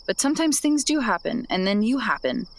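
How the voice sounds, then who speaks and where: A woman's voice: a little high, big pitch swings, brisk. A woman voicing a shy, tomboyish teenage kid who stammers and hesitates. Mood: tender.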